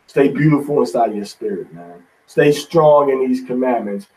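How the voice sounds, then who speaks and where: A man's voice: medium pitch, normal speed, a little mellow, far from the mic, low-quality recording. A man teaching a Bible study in an informal, folksy sermon style, often tagging lines with "man".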